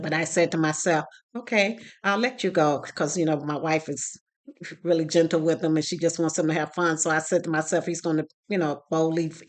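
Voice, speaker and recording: A woman's voice: on the low side, fairly bright tone. A woman who teaches parenting classes, telling a personal story to her phone camera in a casual, emotional way and acting out what people said. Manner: retells dialogue with quoted voices, emotional. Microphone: phone recording herself.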